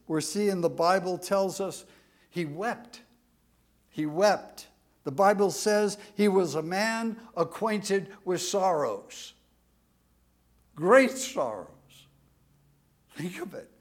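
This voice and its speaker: Lively high-voiced preaching man. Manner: emotional, swings between hushed and emphatic; asks the congregation for a show of hands. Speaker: pastor. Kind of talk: sermon.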